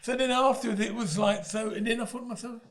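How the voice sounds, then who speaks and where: A man's voice: very high voice, fairly even intonation, fast talker. A man, a guest telling stories animatedly and often breaking into laughter. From Britain. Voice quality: laughs often mid-story, loud emphatic bursts. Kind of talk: animated storytelling.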